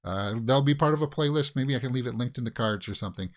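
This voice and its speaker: Fast and medium-pitched, this Canadian-accented man hosts a relaxed watch-along reaction, throwing pleading, exasperated asides at whatever's on screen.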